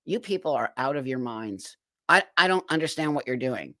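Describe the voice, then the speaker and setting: A man's voice: medium pitch, lively intonation, normal speed, pushed and bright, no echo. Incredulous man ranting on a livestream. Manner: incredulous, exasperated, laughs often. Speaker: livestream host. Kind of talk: livestream reaction commentary.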